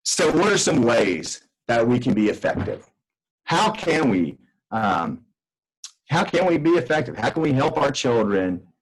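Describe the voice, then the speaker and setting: A man's voice: medium pitch, rough recording. A middle-aged man giving a parenting lesson from a room in his house, speaking earnestly and conversationally, often restarting his sentences. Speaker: extension educator. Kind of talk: recorded parenting lesson from home.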